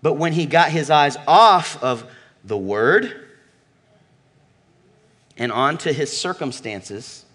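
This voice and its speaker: A man preaching a sermon with emphatic delivery, shifting from loud calls to low murmurs and asking the congregation questions. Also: expressive, takes it slowly, long pauses, breathy edge. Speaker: pastor.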